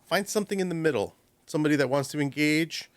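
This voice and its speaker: A man who trains dogs, giving lively advice on a radio call-in show, often acting out owners and dogs in quick little voices. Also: a little high, no room sound. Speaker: dog trainer guest. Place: radio studio. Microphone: studio microphone.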